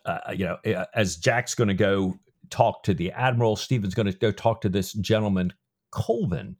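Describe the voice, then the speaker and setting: A man's voice: lowish voice, normal speed. A man co-hosting a podcast, casually retelling and discussing a novel's plot with lots of filler words. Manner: retells scenes loosely with many "you know" fillers. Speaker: podcast co-host.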